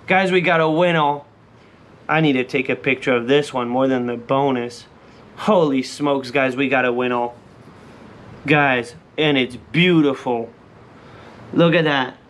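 A man hosting a lottery scratch-off vlog in excited casual commentary. He keeps calling out to his viewers and breaks into shouts and sing-song cheers when he wins. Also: medium pitch, measured pace, pauses often. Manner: shouts and sing-songs when he wins, then drops back to calm chatter.

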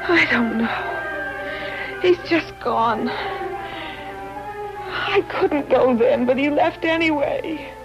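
An actress playing a dazed, fragile young woman in her twenties who has lost her memory, answering slowly and dreamily, in a 1950s TV drama. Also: extremely high pitch, very animated, heavily acted. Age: 20s. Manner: slow, dreamy, faraway answers. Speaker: patient. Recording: dull 1950s TV audio with music underneath.

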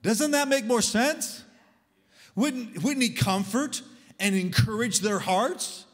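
A male preacher delivering a sermon in a church hall, his voice trailing off in long reverb. He swings from loud, excited exclamations down to hushed, near-whispered lines. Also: extremely high pitch, takes it slowly. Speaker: guest preacher.

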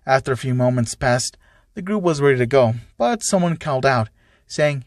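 A man's voice: animated, normal speed, no echo, studio quality. A man narrating a fan story, reading every character's lines in the same voice. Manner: reads every part himself, shifting pitch for each character.

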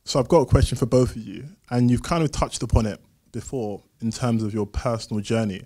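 A man in the audience asking the panel a question in measured, formal phrasing. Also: medium pitch, fairly even intonation, warm tone.

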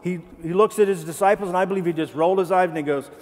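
A man's voice: sits high, fairly even intonation, rapid-fire, a little mellow, big-room sound. A male pastor preaching a sermon in a conversational way, often putting questions to the congregation. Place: church sanctuary.

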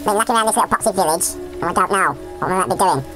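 A woman's voice: medium pitch, racing, lightly acted. A woman with a British accent voicing three bickering old men who grumble and banter while commenting on a game. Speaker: gameplay commentator. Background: game music.

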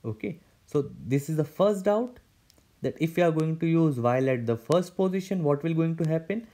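A man's voice: on the high side, lively intonation, normal speed, warm tone. A man teaching a German grammar lesson, explaining step by step with frequent repetitions and restarts.

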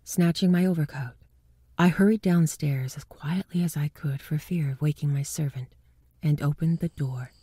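A woman narrating a ghost story from a script in a hushed, breathy delivery that often drops to a whisper. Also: low-pitched, normal speed, dry recording.

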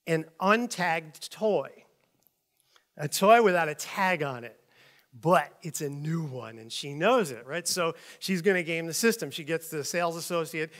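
A middle-aged man preaching a sermon, telling stories in an animated way and acting out other people's voices. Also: a little high, a little slow. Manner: animated storytelling, acts out voices in shouts. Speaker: pastor.

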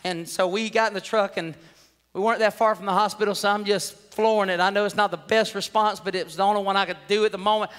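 A man's voice: sits high, steady tone, fast, a bit bright, smooth. A man preaching a sermon in a church, telling a personal story earnestly and with emotion. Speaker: pastor. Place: church sanctuary. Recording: long church hall reverb.

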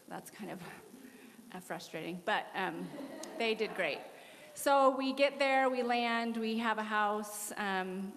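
A woman in her forties giving a candid, animated missionary testimony during a church interview. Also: medium pitch, slight background noise. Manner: candid, animated storytelling with laughs. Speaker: missionary guest. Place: church worship center. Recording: echoey church hall.

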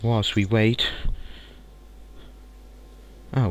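A man commentating a game let's play, excitable and muttering curses at the game. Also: fairly low pitch, slow, long pauses. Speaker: gaming channel host.

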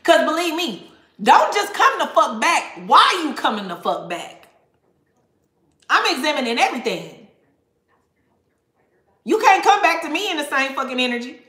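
A woman's voice: sits high, very animated, moderate pace, long pauses, bright, forceful tone, roomy sound. Profane, laughing woman tarot reader. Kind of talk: casual tarot reading livestream rant.

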